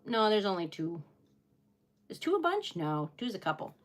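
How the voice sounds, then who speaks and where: Her mid-range voice swings widely in pitch as this young woman chats at a moderate pace on her own livestream, where she makes wax seal crafts. She's giggly and bubbly, talking casually and admitting she's a really emotional lady.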